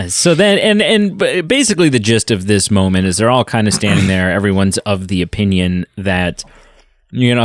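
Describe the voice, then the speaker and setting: A man's voice: on the low side, big pitch swings, normal speed, no room sound. A man hosting a podcast, chatting casually in a review and retelling scenes with many fillers. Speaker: podcast host. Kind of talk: casual film review chat.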